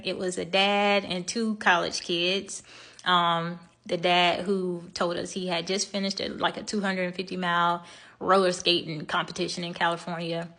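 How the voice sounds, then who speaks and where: A woman's voice: on the low side, a bit bright. A young woman telling a travel story in a casual storytime vlog, chatty and laughing, with many fillers and restarts.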